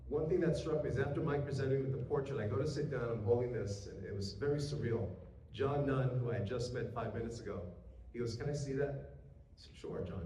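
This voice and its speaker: A man's voice: medium pitch, warm tone, a little hiss or hum. A man giving an earnest keynote speech at a ceremony, telling a personal story with occasional fillers. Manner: earnest storytelling, quoting others, hesitant fillers. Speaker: keynote speaker. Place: courthouse event room. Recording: echoey room from a distance with faint ambience.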